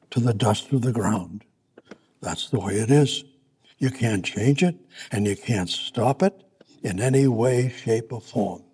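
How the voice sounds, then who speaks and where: A man's voice: medium pitch, a little mellow, breathy edge. A man preaching a sermon in a casual, conversational way, reading scripture aloud and often restarting his sentences.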